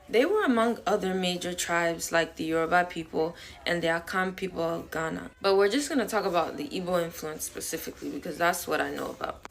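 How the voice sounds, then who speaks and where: Woman, lowish voice, calm clear explainer. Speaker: commentator. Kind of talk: explainer talk.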